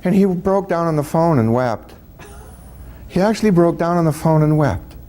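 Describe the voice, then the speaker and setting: A man's voice: fairly high pitch, lively intonation, moderate pace, warm tone. A man telling a personal story in a folksy, casual way, chuckling and acting out the dialogue as he goes.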